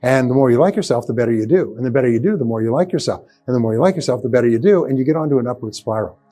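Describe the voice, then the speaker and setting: A man's voice: mid-range voice, animated, very fast, mellow. An older man giving a motivational seminar talk to a live audience, speaking emphatically and repeating key phrases. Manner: emphatic, repetitive, rising to punchy exclamations.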